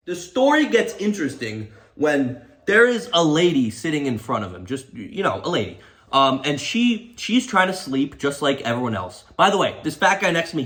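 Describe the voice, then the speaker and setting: A young man telling a comedic storytime rant in an animated, exaggerated, mocking way. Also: medium pitch. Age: young adult. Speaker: comedy YouTuber.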